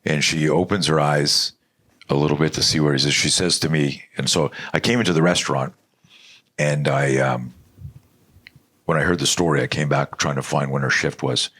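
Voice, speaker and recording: A middle-aged man from Canada with a remarkably deep voice. His tone is husky and a little rough. He tells his story animatedly and bluntly, swearing now and then as a podcast guest. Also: steady tone, moderate pace, a bit bright. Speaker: podcast guest, self-defense instructor. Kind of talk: storytelling in a conversational interview.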